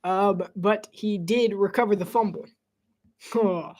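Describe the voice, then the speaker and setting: High-voiced man doing solo game commentary. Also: fairly even intonation, measured pace, darkish tone. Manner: chatty, laughs often, self-deprecating asides. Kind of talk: casual live play-by-play commentary.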